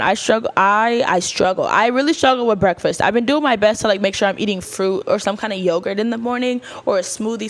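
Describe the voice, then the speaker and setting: A young woman hosting a podcast, talking casually and straight to her listeners with lots of slang. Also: mid-range voice. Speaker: podcast host. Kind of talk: casual chat.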